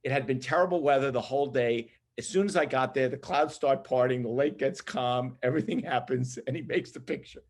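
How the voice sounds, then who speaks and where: A man, a photographer, telling a lively story about his assistant days in casual group chat over a video call. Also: mid-range voice, brisk, few pauses. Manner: animated, lively storyteller who laughs at his own story.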